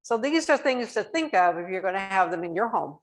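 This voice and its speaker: A woman's voice: mid-range voice, very animated, brisk, rough recording. An older woman, a nurse, telling families stories from her own life and acting out the dialogue. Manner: warm anecdotal, acts out dialogue. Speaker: nurse and dementia specialist. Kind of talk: storytelling talk to families.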